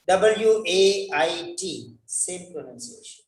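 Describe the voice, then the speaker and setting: A man's voice: high voice, lively intonation, slow, far from the mic, slight background noise. A man teaching English pronunciation, spelling out words letter by letter and repeating them carefully. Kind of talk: spoken English lesson. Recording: echoey room, voice from off-mic.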